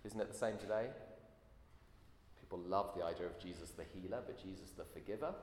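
Guy preaching, really low voice, big echoey church hall sound. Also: a little fast, darkish tone. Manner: earnest, rhetorical questions. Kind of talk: sermon. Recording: echoey hall, faint room noise.

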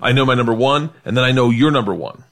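A man hosting a podcast, chatting casually with friends and laughing a lot, his voice leaping up high when excited. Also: quick pace, creaky. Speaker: podcast host. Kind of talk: casual chat.

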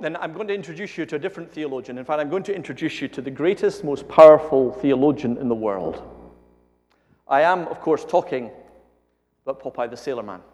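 Jokey Scottish preacher in an echoey hall. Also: male voice, a little high. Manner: lively and jokey, building to emphatic peaks. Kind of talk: sermon. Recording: echoey hall with long reverb.

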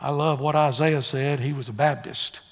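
A man preaching a sermon, folksy, moving from quiet confiding asides to loud exhortation. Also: mid-range voice, fairly even intonation, normal speed. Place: church sanctuary. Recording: long church-hall reverb.

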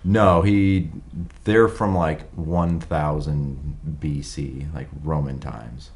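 A man chatting casually on a podcast, explaining things in a quick, animated way. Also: extremely low pitch. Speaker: podcast co-host. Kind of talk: casual group chat.

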